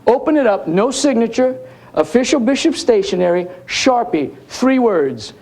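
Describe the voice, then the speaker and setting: A man's voice: very high-pitched, sing-song, moderate pace, a little mellow. A man giving a conference talk, telling jokey stories and talking straight to the audience. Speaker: keynote speaker. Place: conference hall.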